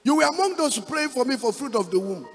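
A man giving a testimony as a pastor, with emphatic preaching and half-sung phrases that build to loud exhortation. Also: extremely high pitch, expressive, brisk. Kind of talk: sermon testimony. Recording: echoey hall with music behind.

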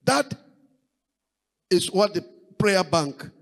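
A man preaches a sermon in a high voice that sweeps up and down. He piles up repeated phrases and calls out praises as he drives each point home. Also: lively intonation, extremely slow, gravelly, low-quality recording. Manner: preaching with rising exclamations and repetition. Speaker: pastor.

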